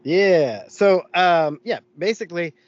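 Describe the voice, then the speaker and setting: Animated swearing podcast man. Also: high-pitched, slow pace, dull audio. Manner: animated, swearing, laughing storyteller. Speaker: podcast co-host. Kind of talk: casual storytelling chat.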